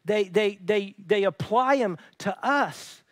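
High-voiced pastor preaching, dry sound. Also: male voice, expressive, slow pace, no echo. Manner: conversational storytelling with frequent restarts. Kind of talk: sermon. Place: church.

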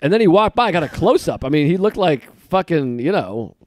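A man tells a story on a comedy podcast, his high voice jumping all over the place. He laughs a lot and puts on voices for the people he quotes. The sound is dry and close. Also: big pitch swings, fairly quick, a little mellow, dry recording. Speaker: podcast co-host. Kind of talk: casual storytelling chat.

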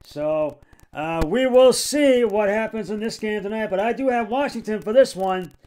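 A man with a high voice talks on his own sports podcast. He sounds frustrated, raises his voice into yelling at times, and stumbles through fillers and restarts as he runs through scores. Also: normal speed. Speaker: podcast host. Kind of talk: solo sports podcast commentary.

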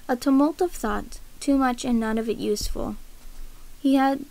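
A woman narrating a novel aloud in a steady, even storytelling voice. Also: high-pitched, normal speed, vocal fry, poor audio. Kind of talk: audiobook reading of a novel.

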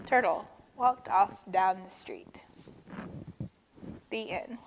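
A woman reading a picture book aloud to children at church, slow and expressive. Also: mid-range voice, muffled recording, a little hiss or hum. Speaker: children's story reader at a church.

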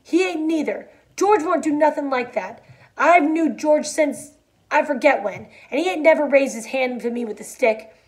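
Woman voicing a childlike, fearful grown man, pleading, high-pitched, drawn-out words. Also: a little mellow, close to an everyday voice. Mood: frantic.

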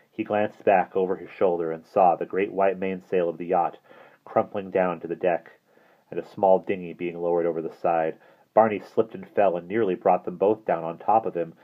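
A man reading a novel aloud as audiobook narration, in a steady, measured way. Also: low-pitched. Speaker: audiobook reader. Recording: tinny phone-like audio.

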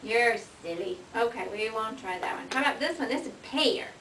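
A woman coaching a small child to say words, in a sing-song, encouraging way, slow and clear. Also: on the high side, lively intonation, a bit bright, far from the mic. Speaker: speech therapist. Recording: echoey room, mic from afar, noisy home video.

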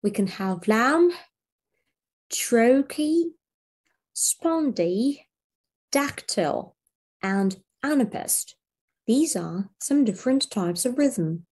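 A woman teacher giving a slow, clear video English lesson. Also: a little high, expressive, darkish tone. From Belarus. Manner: slow, clear classroom delivery.

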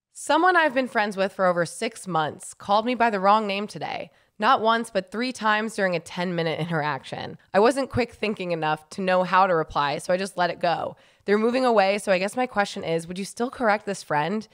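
A woman co-hosting a podcast in a casual advice chat, with a voice of middling pitch for a woman. She talks in a loose, chatty way, laughs often and reads listener questions aloud. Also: animated, moderate pace. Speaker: podcast co-host.

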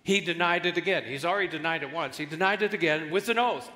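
A male guest pastor preaching a sermon with animated delivery and jokes, in a large church hall. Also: fairly high pitch, very fast, few pauses. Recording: echoey church hall with long reverb.

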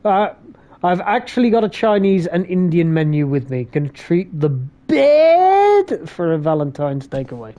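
A man commentating a live game stream, excitable and swearing heavily, jumping between yelps and mutters. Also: sits high, a little slow.

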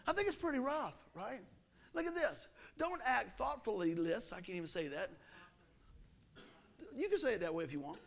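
A middle-aged man preaching a sermon in a folksy, animated way, his pitch and volume jumping often. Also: moderate pace, creaky. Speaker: pastor.

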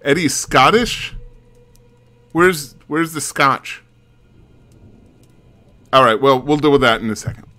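A man's voice: mid-range voice, expressive, slow pace, pauses often, bright, forceful tone, faint music behind. A man hosting a let's play with casual, chatty, self-mocking game commentary.

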